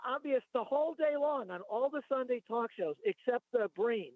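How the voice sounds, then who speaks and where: Calling a talk radio program, this man reads from his notes as he rambles on and argues his case. He speaks at a moderate pace with an extremely high pitch and lively intonation. There's no room sound, and the line is tinny.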